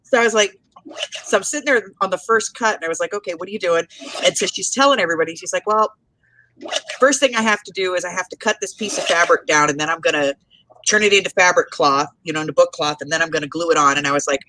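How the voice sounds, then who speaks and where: Bright-voiced older woman, teasing. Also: on the low side, fast talker, low-quality recording. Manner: playful, teasing. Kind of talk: casual chat.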